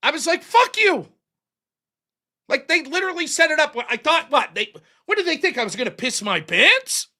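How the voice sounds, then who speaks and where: Speaking a little fast with few pauses, this very high-voiced middle-aged American livestream host swaps casual stories. He's profane and animated, and his laughter breaks in frequently.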